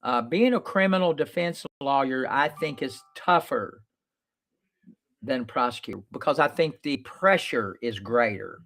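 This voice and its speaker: A man's voice: medium pitch, expressive, unhurried, a bit bright. A man, a lawyer hosting his own show, talking casually to viewers in a blunt, plain-spoken way, swearing freely and telling stories. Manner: storytelling, reenacts his own past lines.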